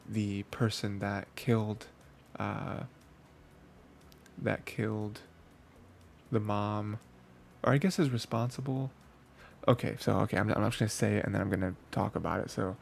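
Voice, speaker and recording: Guy rambling about anime, low-ish gravelly voice, lots of "you know" and restarts. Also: a little mellow, slight background noise. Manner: rambling, filler-heavy, frequent restarts. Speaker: anime review host. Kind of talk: casual spoken review.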